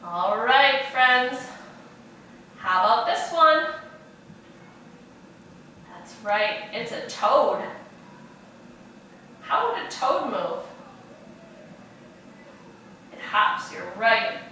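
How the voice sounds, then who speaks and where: Slow, bright-voiced woman teaching little kids. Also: fairly high pitch, very animated, distant mic, slight background noise. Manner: slow, sing-song, encouraging teacher talk. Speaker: preschool teacher. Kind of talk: virtual class for young children. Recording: echoey room, voice off-mic.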